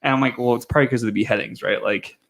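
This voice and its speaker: A male podcast co-host in a relaxed movie-review chat. He talks in an easy, conversational way at a middle pitch, with plain everyday delivery. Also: very fast. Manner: relaxed, conversational, says "dude" often.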